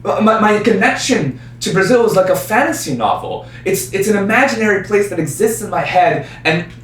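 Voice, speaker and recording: At normal speed and with a high-pitched voice, a young man gives an animated, self-deprecating solo stage monologue in a small space. The recording is roomy and distant, with faint ambience and slight background noise.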